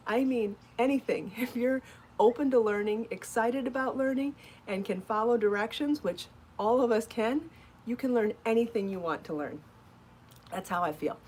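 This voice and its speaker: A woman's voice: medium pitch, a little mellow, slight background noise. Chatty encouraging woman on a live stream. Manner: chatty, encouraging, laughs often, answers viewer comments. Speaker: podcast host and crochet designer. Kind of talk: casual live-stream chat.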